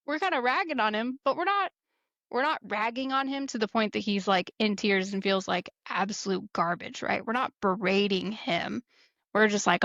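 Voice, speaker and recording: A middle-aged woman co-hosting a podcast, telling a story in a casual, animated way. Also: mid-range voice, fairly quick, no echo, highs cut off. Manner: animated, acts out quotes in a raised voice. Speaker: podcast co-host.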